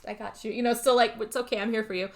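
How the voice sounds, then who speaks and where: A woman's voice: a little high, fairly even intonation, very fast. A woman co-hosting a podcast, casually retelling a film's plot with lots of acted-out lines and some swearing. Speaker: podcast co-host recapping a film. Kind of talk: casual chat.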